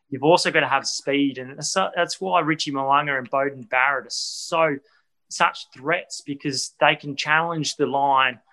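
A man's voice: on the high side, pushed and bright, poor audio. A man, giving enthusiastic rugby analysis on a sports talk panel, with frequent restarts. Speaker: rugby pundit. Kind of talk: studio sports discussion.

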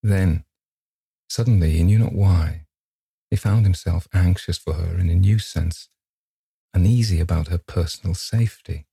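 A man narrating a ghost story in a measured, grave manner. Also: deep voice, creaky, dark tone, husky, dry recording. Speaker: audiobook narrator.

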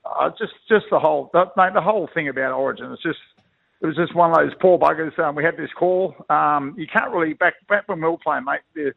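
A middle-aged Australian man with a gravelly, rough-edged voice tells yarns at a quick clip. He rambles in a colloquial, blokey way. He is heard over a thin, tinny phone line. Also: a little high. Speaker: retired rugby league player, guest. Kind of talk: phone interview, storytelling.

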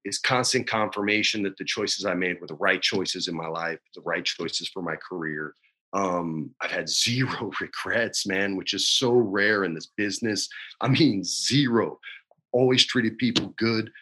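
A man's voice: sits low, a little slow, sharp tone. A man in his forties, a guest in a casual interview from his home, laid-back, often saying man and dude, and choked up at times while telling stories. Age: 40s. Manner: emotional, choked up while storytelling. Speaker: actor guest.

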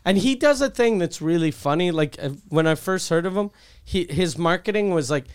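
A man's voice: high-pitched, animated, brisk, clean tone. A man telling stories and joking with swearing in casual podcast banter. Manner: profane, joking, storytelling. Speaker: podcast co-host.

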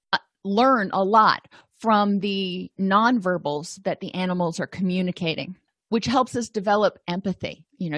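A woman's voice: mid-range voice, no room sound. A woman giving a recorded counseling lecture, conversational and full of everyday examples and asides. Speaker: counselor and podcast host. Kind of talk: recorded continuing-education lecture.

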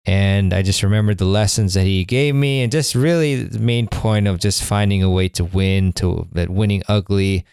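A man's voice: low voice, steady tone, moderate pace, creaky, few pauses, darkish tone, smooth, no echo, studio quality. A man hosting a podcast, talking in a rambling, enthusiastic way with lots of fillers and restarts. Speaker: podcast host. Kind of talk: casual conversational intro and interview.

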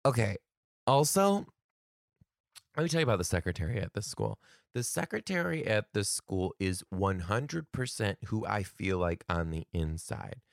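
A man and comedian telling a story casually to camera, animated, laughing often and swearing freely. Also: on the low side, moderate pace, vocal fry, no echo, clean studio sound.

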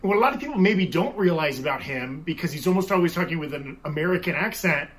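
A man's voice: fairly high pitch, animated, quick pace. A man, a show producer, talking through a theory in casual panel chat and often checking in with "right?". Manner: chatty, keeps adding "right?".

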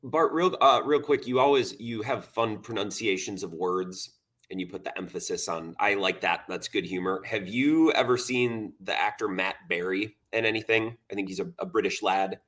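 Man, lowish voice, easygoing, rambling, casual sports talk. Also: moderate pace, a bit bright. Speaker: podcast co-host.

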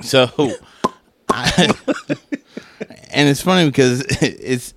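A man's voice: medium pitch, slow, fairly bright tone. A man co-hosting a comedy podcast, telling a story in casual chat, swearing and laughing often as he goes. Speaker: podcast co-host.

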